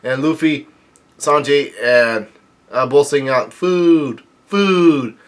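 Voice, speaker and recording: A young man reading a manga chapter aloud in a casual, halting way, full of fillers and restarts, and lifting his energy for the quoted lines. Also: mid-range voice, fairly bright tone. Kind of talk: casual read-through commentary.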